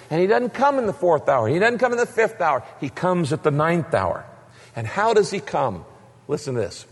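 Guy preaching a sermon, voice jumps all over, lots of repeated questions, big echoey hall. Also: fairly high pitch. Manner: emphatic preaching, rhetorical questions and repetition. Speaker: pastor. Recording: long reverb of a large hall.

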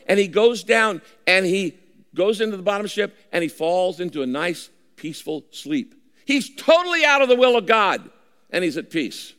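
A man preaching a sermon, emphatic, repeating key phrases and slowing down to read scripture. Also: sits high, sing-song, fairly bright tone, smooth, long reverb tail. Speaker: pastor.

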